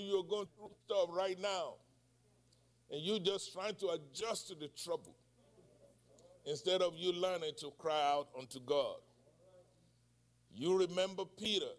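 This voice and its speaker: A man in his sixties preaches with a high-pitched voice, taking his time over each phrase. He keeps asking the congregation questions and bursts into loud cries of prayer. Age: 60s. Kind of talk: sermon.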